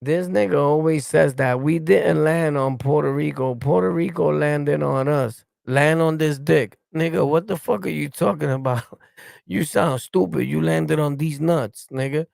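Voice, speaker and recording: A man's voice: fairly high pitch, a little slow, gravelly, a little mellow, no room sound. A man from New York City with a New York accent, hosting a stream and delivering blunt, profane, combative commentary. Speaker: streamer host. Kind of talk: ranting reaction commentary.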